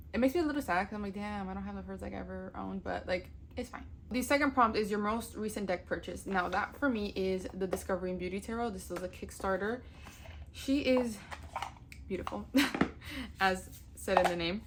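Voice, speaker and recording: A chatty young woman talks casually into her camera, gushing with delight and swearing freely. Her voice sits at an ordinary middle pitch. A faint hum of room noise runs underneath. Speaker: tarot vlogger. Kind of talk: casual chat.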